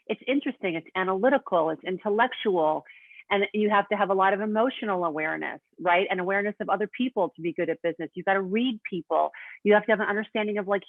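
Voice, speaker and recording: A woman in her fifties talks casually as a cooking coach, animated as she retells family conversations. Her voice comes over a thin, phone-like video call line with no room sound at all. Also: mid-range voice, no echo. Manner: animated, acts out family dialogue. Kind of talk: casual interview chat. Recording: tinny phone-like line, dry.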